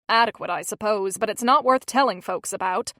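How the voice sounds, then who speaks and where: A woman voicing a cranky, bossy elderly woman patient who speaks loudly and bluntly in an audiobook. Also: mid-range voice, a little fast, lightly acted. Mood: grumbling. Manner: loud and blunt.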